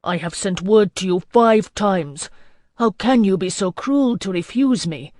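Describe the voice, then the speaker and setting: A man's voice: on the high side, unhurried, dry recording, clean studio sound, close to an everyday voice. A narrator voicing a desperate male trader who pleads in a wheedling, trembling tone, in a fantasy audiobook. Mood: pleading.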